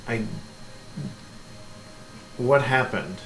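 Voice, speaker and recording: A man's voice: medium pitch, lively intonation, extremely slow, fairly bright tone. Easygoing guy playing a tabletop game, roomy echo, faint hiss. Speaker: player. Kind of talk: in-character tabletop game chat.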